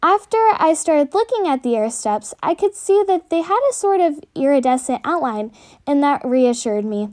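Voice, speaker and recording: A woman reading her own storybook aloud in an earnest, steady way. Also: high voice, normal speed.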